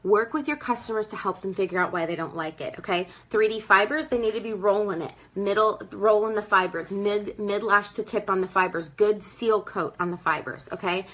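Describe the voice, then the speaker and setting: Young woman, bright voice, chatty, emphatic, casual sales coaching. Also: medium pitch, a little fast, few pauses, low-quality recording. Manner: chatty, emphatic, calls listeners "girl"; acts out customers in quoted voices. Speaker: direct sales team leader. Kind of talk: casual training talk.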